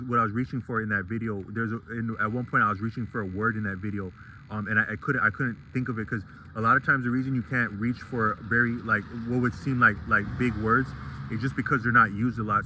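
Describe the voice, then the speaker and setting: Man musing on camera, meandering and restart-heavy; lowish, flat, slightly bright voice with faint noise behind it. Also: poor audio. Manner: rambling and digressive, many restarts. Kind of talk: casual vlog monologue.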